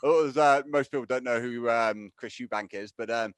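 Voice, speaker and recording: A man's voice: mid-range voice, moderate pace, clear, resonant tone, no room sound. A British man co-hosting a podcast in casual, joking chat, talking through a sore mouth after having a wisdom tooth out. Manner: joking, laughs often. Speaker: podcast co-host.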